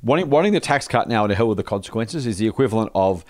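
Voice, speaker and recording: A man's voice: fairly low pitch, expressive, quick pace, darkish tone, no echo, studio quality. A man co-hosting a finance podcast, chatting casually and animatedly, slipping into quoted voices. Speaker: podcast co-host. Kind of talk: casual chat.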